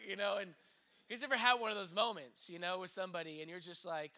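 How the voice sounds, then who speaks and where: A man's voice: sits high, racing, sharp tone. A man preaching a conversational sermon as pastor, earnest, with frequent restarts and acted-out asides.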